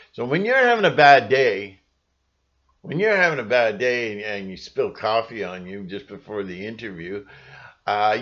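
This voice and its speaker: A man's voice: medium pitch, fairly bright tone. Rambling emphatic man, lo-fi sound. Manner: emphatic, rambling, full of restarts and asides. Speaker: channel host. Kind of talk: monologue to camera.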